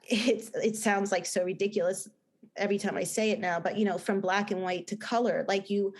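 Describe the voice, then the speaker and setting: A woman's voice: medium pitch, fairly even intonation, brisk. A middle-aged woman with a New Jersey accent, a guest in a casual podcast interview, talking earnestly and rambling with many restarts. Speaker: guest, film director and writer.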